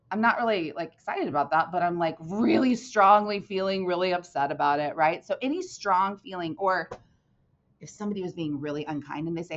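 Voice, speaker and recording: A woman's voice: fairly low pitch, moderate pace. A woman teacher giving a recorded lesson to young children, checking in with "right?" and "okay?" after each point. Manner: animated, sing-song teacher voice with frequent "right?" and "okay?" checks. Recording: dull lo-fi recording.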